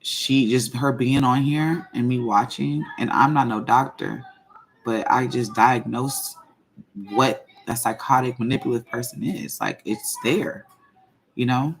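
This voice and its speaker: A woman hosting her own channel, talking in a casual livestream and venting slowly and deliberately, circling back to repeat her points. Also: rumbling low, fairly even intonation, slight background noise. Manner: slow, measured venting, repeats herself. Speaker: channel host.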